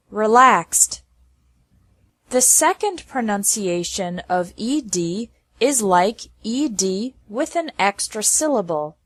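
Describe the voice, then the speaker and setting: A woman teaching pronunciation at a very slow, deliberate pace, spacing out every word. Her voice is mid-pitched and sits close to the mic in a dry room with no echo. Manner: slow, carefully enunciated word lists. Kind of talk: slow scripted lesson narration.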